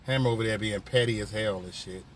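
A man's voice: lowish voice, fast talker, slight background noise. Rambling, profane man live-streaming. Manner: loose, rambling, profane banter with frequent laughs. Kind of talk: casual live-stream chat to viewers. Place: on a work break, vehicle sounds nearby.

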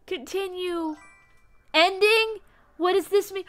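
A woman's voice: fairly high pitch, lively intonation, measured pace, fairly bright tone, faint music behind. A young woman streaming a game live, playful and dramatic, swinging from mock-solemn to giddy squeals.

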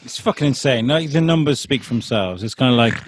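A man with a husky voice chats bluntly on a podcast, swearing as he goes. The sound is dry and close. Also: mid-range voice, lively intonation, fast, no room sound. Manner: profane, blunt. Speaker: podcast co-host. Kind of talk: casual chat over a call.

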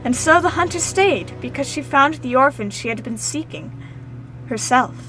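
A woman narrating a storybook tale in a calm, measured way. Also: sits high, faint music behind, low-quality recording.

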